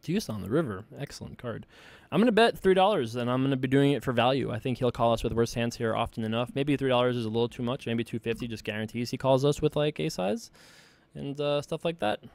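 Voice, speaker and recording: A man's voice: medium pitch, animated, fast, gravelly, a little mellow. A man hosting an online poker series, giving casual play-by-play of his hands in a laid-back, self-mocking way. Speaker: online poker player and show host.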